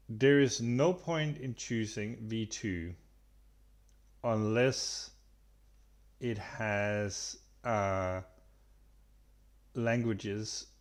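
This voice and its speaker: A man hosting a screen-recorded software tutorial, talking in a relaxed, halting way with many fillers and restarts. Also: on the low side. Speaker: tutorial host.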